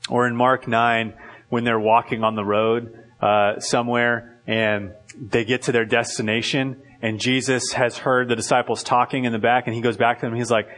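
A man preaching a sermon as pastor, in a loose conversational way full of "like" and quick restarts. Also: mid-range voice, flat delivery, fairly bright tone.

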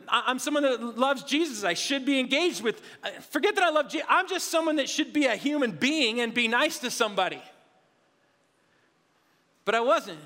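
A man preaching a sermon as a pastor, telling a personal story in an animated way, sometimes loud and exclamatory, sometimes quiet and self-questioning. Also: very high-pitched, long reverb tail.

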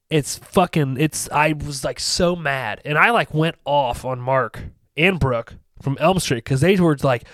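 A man chatting on a podcast, his voice sitting a little high and sounding dry and close. He tells stories with plenty of swearing and dramatic re-enactments of what he said. He speaks casually, with frequent restarts. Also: moderate pace, few pauses, no echo. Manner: animated storyteller, swears, acts out his own past rants. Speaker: podcast co-host. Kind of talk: casual chat.

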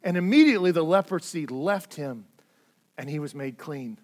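A man preaching a sermon as pastor, earnest, repeating words as he stresses points and swinging between loud and hushed delivery. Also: fairly high pitch, lively intonation, normal speed.

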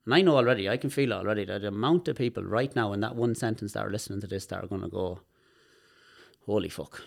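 An Irish man, a guest on a podcast, telling personal stories in an animated way and swearing freely. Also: fairly low pitch, rapid-fire, vocal fry. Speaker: guest, movement specialist. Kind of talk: podcast conversation.

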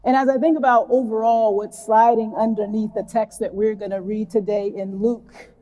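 A woman preacher giving a reflective, earnest sermon and reading scripture slowly and deliberately. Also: a little high, level tone, muffled recording. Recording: long hall reverb.

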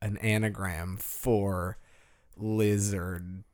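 A man's voice: on the low side, very slow. A man hosting a casual podcast chat about a film, joking and laughing often. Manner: jokey, laughs often, lively. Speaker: podcast host.

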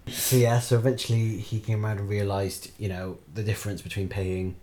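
Guy on a podcast telling a story, keeps laughing and going up high when excited. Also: fairly quick. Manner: animated, laughs often, jumps into high-pitched excited outbursts. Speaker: podcast guest, actor. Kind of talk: casual storytelling chat.

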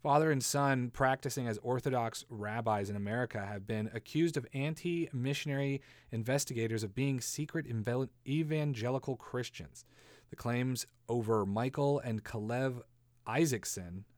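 This podcast host, a man with a medium-pitched voice, talks at a moderate pace on his laid-back comedy show. He rambles, gets sarcastic, drops casual swear words, cracks himself up and puts on silly voices. The sound is dry and clean, straight from a studio.

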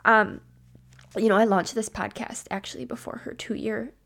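A woman in her thirties hosting a personal podcast, talking candidly and tearfully, with fillers and halting pauses. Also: fairly high pitch, fairly even intonation, creaky, fairly bright tone. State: tearful, near crying. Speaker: podcast host. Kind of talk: personal solo podcast talk.

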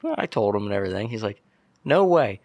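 A young man from Pennsylvania, a podcast guest telling an animated story and acting out what people said. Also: lowish voice, rapid-fire, dry recording. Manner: animated storyteller, acts out quotes. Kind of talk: casual storytelling.

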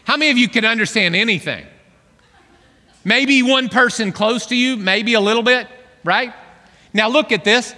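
High-voiced, animated preacher man in a hall. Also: moderate pace. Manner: animated, joking with the congregation. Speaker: pastor. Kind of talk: sermon. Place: church hall. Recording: long reverb of a large hall.

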